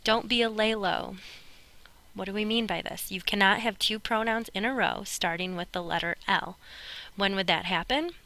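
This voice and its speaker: Bright gravelly woman teaching grammar. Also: medium pitch, normal speed. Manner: clear, patient explaining with playful asides. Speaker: Spanish teacher. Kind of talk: recorded classroom lecture notes.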